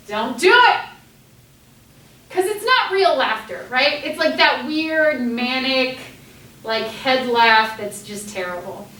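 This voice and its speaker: A middle-aged woman lectures her class in a high, bright voice that swoops all over, acting out flustered students along the way. She sounds roomy and distant, recorded from across an echoey classroom. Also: slow pace. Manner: lively, animated, acts out students' panicked voices. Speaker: teacher.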